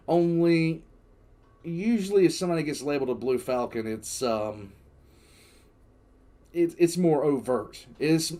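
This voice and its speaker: A man's voice: medium pitch, a little mellow. A man hosting a reaction video, talking casually to camera with lots of ums and self-deprecating asides.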